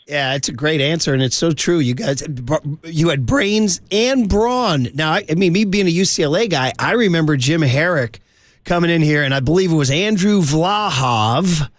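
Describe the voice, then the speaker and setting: A man hosting a sports radio show, talking quickly and enthusiastically with lots of laughs. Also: fairly high pitch, no echo. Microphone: studio microphone.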